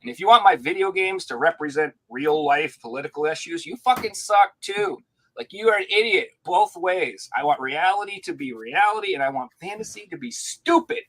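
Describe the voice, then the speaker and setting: A man's voice: high voice, big pitch swings, fairly quick, rough recording. A man co-hosting a podcast in casual, profane, opinionated chat. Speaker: podcast co-host.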